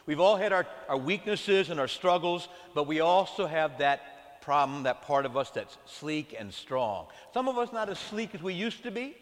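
A man preaching with a lively, swooping delivery that rises and falls sharply, pitched a little above the usual for a man. He calls out to his congregation as he goes, and his voice rings with the long reverb of a church sanctuary. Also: moderate pace. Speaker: pastor. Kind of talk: sermon.

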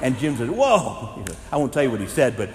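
A man who is a Catholic priest, preaching a sermon with lively storytelling that swings from hushed to loud. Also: medium pitch, very fast. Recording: echoey hall with faint noise.

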